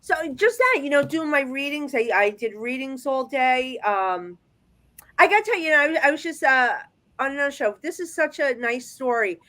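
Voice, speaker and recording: Speaking over a video call, a psychic medium guest recounts her readings in a casual, storytelling chat. Her voice is high-pitched and slightly raised, and she moves at a moderate pace in a chatty, animated flow, frequently restarting sentences midway.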